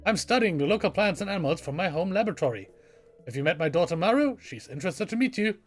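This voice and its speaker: A man putting on a prim, earnest scientist dad from a cozy game, stiff and proper in every word. The voice is pitched noticeably high, with faint game music behind it. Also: big pitch swings, quick pace. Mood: formal. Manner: stiff and formal. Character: earnest formal male scientist father.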